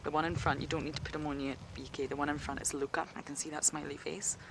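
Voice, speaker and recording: A woman's voice: low voice, little pitch movement, fast talker, gravelly, background noise. Chatty woman safari guide. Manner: chatty, laughing, drops to a whisper near animals. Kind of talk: live wildlife commentary. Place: outdoors on a game drive.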